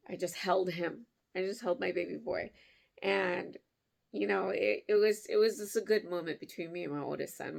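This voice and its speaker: A woman's voice: on the low side, creaky. A woman in her thirties hosting her crafting channel, chatting casually and telling a heartfelt family story with laughs. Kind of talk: casual vlog chat.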